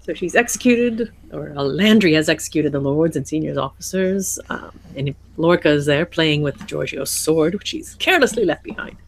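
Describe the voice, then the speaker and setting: A woman co-host with a lowish, gravelly voice that rises and falls a great deal as she jokes and teases. A faint hiss of noise lies under the recording. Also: animated. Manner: quick teasing interjections, laughs often. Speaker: podcast co-host. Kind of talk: casual chat.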